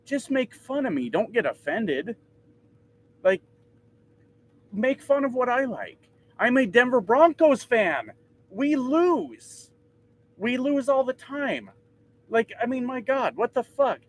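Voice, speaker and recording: A man's voice: very high-pitched, big pitch swings, slow, pauses often. A man in his thirties ranting casually and profanely to his vlog audience from inside his truck, mocking himself along the way. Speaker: trucker vlogger.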